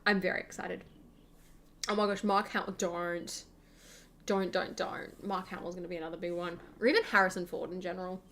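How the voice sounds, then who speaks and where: A woman's voice: fairly low pitch, little pitch movement, brisk, fairly bright tone, a little hiss or hum. A young woman, hosting a gaming channel and chatting casually over gameplay in a rambling way, full of fillers.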